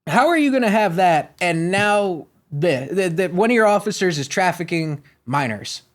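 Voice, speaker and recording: A man's voice: high-pitched, expressive, normal speed. A man from Florida hosting a podcast, ranting in a profane, sarcastic, rambling comedic style. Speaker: podcast host. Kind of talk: comedic rant.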